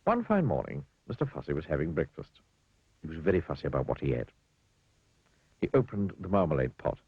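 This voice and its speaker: A man reading a children's storybook aloud in a wry, animated way, voicing the characters. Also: rumbling low, brisk, husky, no echo, phone-quality sound. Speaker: narrator.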